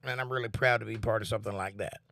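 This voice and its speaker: With a lowish, gravelly voice delivered rapid-fire, a man hosts a casual home livestream. He's relaxed and earnest as he talks about faith and reads chat comments aloud.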